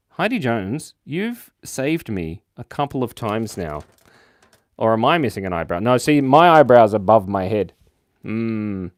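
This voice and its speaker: A man's voice: mid-range voice, dry recording, studio quality. A man hosting a live drawing stream, chatting playfully, joking and reading viewer comments aloud. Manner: playful, jokey, reads chat comments aloud. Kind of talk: casual live-stream chat while drawing.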